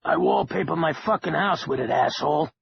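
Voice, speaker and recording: A man voicing a crude, menacing male casino owner who sneers and insults, with a gravelly voice. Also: a little high, fairly quick, muffled recording, slight background noise. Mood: sneering. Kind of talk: audiobook character voice.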